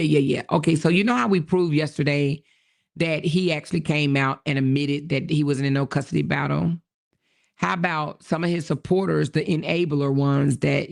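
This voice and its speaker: A woman hosts a casual livestream, reading viewer comments and reacting to them bluntly, with plenty of swearing. Her voice has a rough, gravelly edge. She laughs a lot and drifts off mid-thought. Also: deep voice, a little mellow. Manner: blunt and profane, laughing often, loses her train of thought. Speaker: livestream host.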